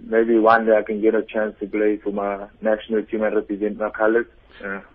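A man's voice: lowish voice, monotone, brisk. A young man, a footballer, giving short, plain answers in a phone interview. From South Africa. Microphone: telephone. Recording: tinny phone line.

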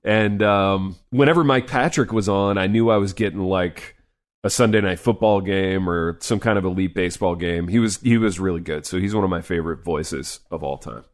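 A man's voice: deep voice, normal speed. A man co-hosting a sports podcast in casual chat, loose and rambling with lots of filler words.

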